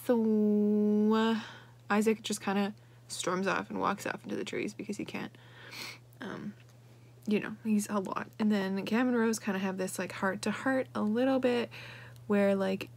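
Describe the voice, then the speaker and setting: A young woman talking casually in a writing vlog, rambling with lots of fillers. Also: medium pitch. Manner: chatty, rambling with many fillers. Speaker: vlogger.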